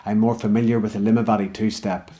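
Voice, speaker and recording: Northern Irish man, deadpan comic poet, lowish voice. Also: fast, loud music behind the voice. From Northern Ireland. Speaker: spoken-word performer. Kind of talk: comic spoken-word poetry.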